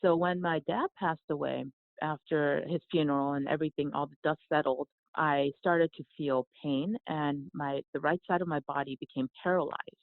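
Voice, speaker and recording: A woman who grew up in South Korea, a yoga teacher and guest, telling a personal story in a soft, reflective way with frequent restarts. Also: deep voice, steady tone, normal speed, no echo. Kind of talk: conversational storytelling. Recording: dry, phone-like remote line.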